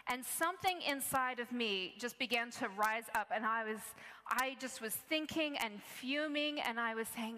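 Woman preacher, bright and forward tone, earnest storyteller, reverberant hall. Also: a little high, normal speed. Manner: earnest storytelling, many restarts. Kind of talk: sermon.

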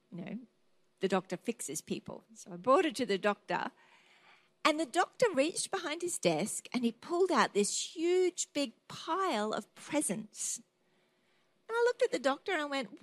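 A woman's voice: a little high, no echo. A middle-aged woman preaching a sermon, telling personal stories and acting out her own thoughts in an earnest way. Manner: earnest, storytelling, acts out quoted thoughts.

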